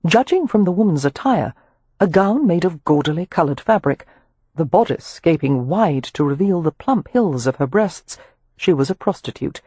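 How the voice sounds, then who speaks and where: An audiobook narrator reading a period romance with expressive, measured storytelling. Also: mid-range voice, husky, dry recording.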